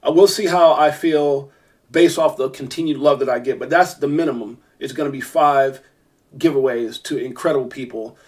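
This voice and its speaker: A man from Brooklyn hosting a casual crypto livestream. He gives effusive, grateful shout-outs and rambles with many fillers and restarts. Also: medium pitch, normal speed. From Brooklyn, New York. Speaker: crypto channel host.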